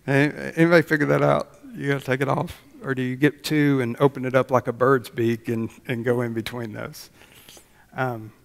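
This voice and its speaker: A man's voice: mid-range voice, creaky. A man preaching a folksy sermon as pastor, telling a story and closing in prayer. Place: church sanctuary. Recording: long church reverb.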